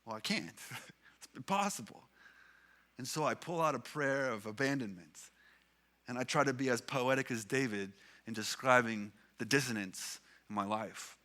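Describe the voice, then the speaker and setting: A man's voice: mid-range voice, moderate pace, sharp tone. A man preaching a sermon as pastor, with a Canadian English accent, speaking earnestly and lingering on the psalms he reads aloud.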